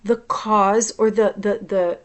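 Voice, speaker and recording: A woman's voice: mid-range voice, fairly even intonation, takes it slowly. A woman hypnotherapist talking in a casual personal vlog, reflective and confessional, often restarting her sentences.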